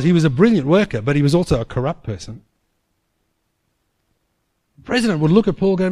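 A man preaching a sermon, telling a story emphatically and dropping to a hush for quoted prayers. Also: sits high, lively intonation, a little fast.

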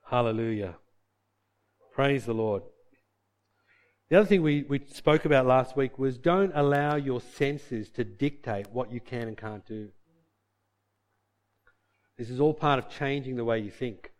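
A man's voice: medium pitch, a little slow, long pauses. A man preaching a sermon in a chatty style, acting out little dialogues as he goes. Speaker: pastor.

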